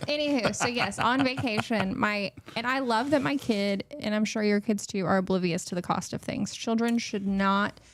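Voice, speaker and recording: A woman in her thirties speaks frankly and makes quick jokes as a guest on a morning show. Her voice sits mid-range and sounds dry and close, with no room echo. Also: mid-range voice. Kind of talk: casual chat.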